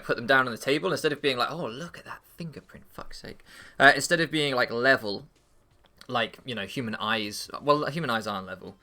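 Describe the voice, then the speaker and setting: Gravelly English man, rambling casual chat. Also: mid-range voice, pushed and bright. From England. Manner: rambling, swears freely, loses his train of thought; stumbles and repeats words. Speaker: channel host and league player.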